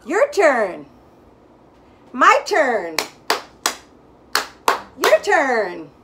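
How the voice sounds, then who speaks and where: A woman music teacher leading a lesson for young children, speaking clearly and encouragingly and chanting rhythm syllables for them to copy. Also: high voice, huge pitch swings, drawn-out words, heavy background noise.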